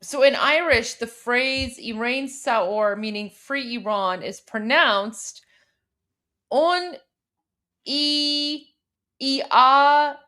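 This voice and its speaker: Young female livestream co-host, somewhat high voice, quick and chatty. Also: pushed and bright. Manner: upbeat, chatty, quick asides. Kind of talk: casual livestream chat.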